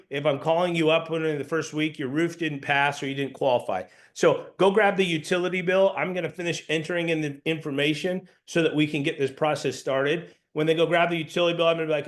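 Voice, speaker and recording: A young man coaching solar salespeople, assertive and talking through sample pitches to customers. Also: steady tone, quick pace, hardly any pauses. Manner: assertive, role-plays customer dialogue.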